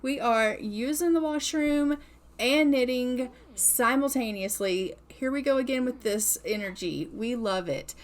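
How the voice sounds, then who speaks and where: A woman's voice: fairly high pitch, measured pace. A young woman giving chatty, playful commentary on a life-simulation game and cheering her character on. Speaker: gaming channel host. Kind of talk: casual gameplay commentary.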